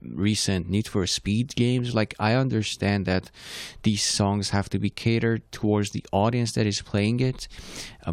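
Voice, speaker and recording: A young man with a Persian accent talks casually and in a rambling way, stopping to correct himself as he introduces music. His voice sits fairly low. The sound is dry and close, with no room around it. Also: no echo. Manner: rambling, self-correcting, conversational. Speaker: playlist host. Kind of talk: casual solo talk.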